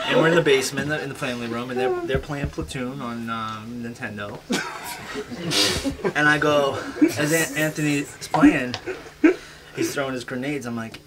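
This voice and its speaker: A man doing a live stand-up set with halting, awkward deadpan delivery and frequent restarts. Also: mid-range voice, a crowd in the background. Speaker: stand-up comedian. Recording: loud noisy live recording.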